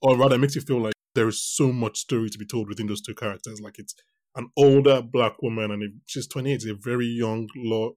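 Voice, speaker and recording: A man's voice: medium pitch, fairly quick, no echo, studio quality. A man hosting a podcast, chatting casually and rambling with many restarts about a TV show. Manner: rambling, self-correcting, animated. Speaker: podcast host. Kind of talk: casual chat reviewing a TV show.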